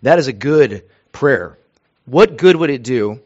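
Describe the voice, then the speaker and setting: A man's voice: medium pitch, lively intonation, measured pace, darkish tone, dull audio. A man preaching a sermon in an earnest, emphatic way, repeating phrases for weight.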